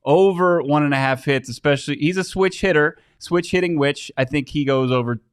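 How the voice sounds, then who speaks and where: A man co-hosting a casual sports betting chat, easygoing and quick with asides. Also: a little high, clear, resonant tone, no echo.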